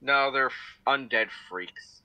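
A man's voice: medium pitch, slow, bright, forceful tone. A man playing a co-op video game with friends, making laid-back, playful wisecracks. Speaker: gamer playing co-op. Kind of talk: casual co-op gaming chat.

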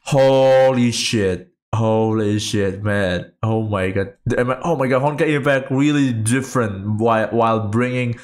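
A man, a VTuber from Indonesia, gives an excited, hoarse reaction commentary. He yelps and hums along with the trailer music. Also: measured pace, few pauses. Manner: bursts into high-pitched screams and hums along with the music. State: hoarse from screaming.

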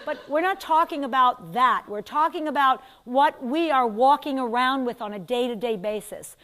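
An older woman with a New York accent, teaching a class in a lively lecture style and putting questions to her students. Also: sits high. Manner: animated, asks the class questions, quick asides. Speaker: instructor.

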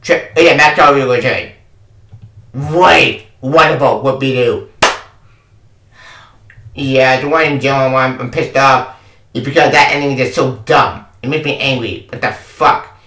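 A man's voice: medium pitch, fairly even intonation, brisk, bright, forceful tone, recorded from a distance. A man ranting about a game he reviews, exasperated and swearing, often repeating himself. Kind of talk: angry review rant. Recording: echoey room, away from the mic.

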